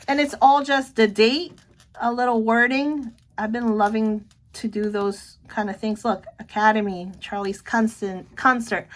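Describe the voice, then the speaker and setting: A middle-aged woman chatting casually about her planner, excitable, often breaking off to say look. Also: on the high side. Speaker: planner vlogger. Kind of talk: casual show-and-tell chat.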